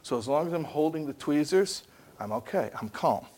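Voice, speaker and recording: A man giving an animated lecture, telling stories and asking rhetorical questions. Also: on the high side, normal speed. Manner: storytelling with rhetorical questions and acted-out dialogue.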